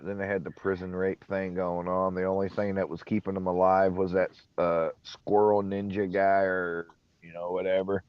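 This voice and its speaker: A man's voice: deep voice, little pitch movement, moderate pace, smooth, no room sound. Rambling man on a muffled call. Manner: rambling storyteller, hesitant fillers. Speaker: panel member. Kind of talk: casual chat on a livestream panel.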